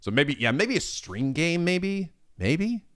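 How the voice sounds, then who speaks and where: On a livestream, a male streamer with a slightly high voice talks slowly and casually, reading out viewer messages. He answers them with laughter and plenty of swearing, sounding animated throughout.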